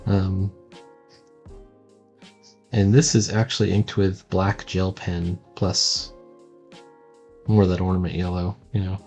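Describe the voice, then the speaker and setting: Low-voiced man rambling through a sketchbook. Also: flat delivery, slow pace, long pauses, darkish tone, muffled recording, soft background music. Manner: rambling and self-deprecating, with many fillers. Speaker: cartoonist showing his sketchbook. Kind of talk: casual sketchbook tour.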